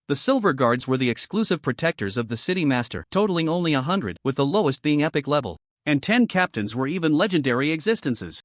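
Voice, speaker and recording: A man narrating a fantasy story recap in a dramatic, expressive storytelling manner. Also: fairly high pitch, no room sound, clean studio sound.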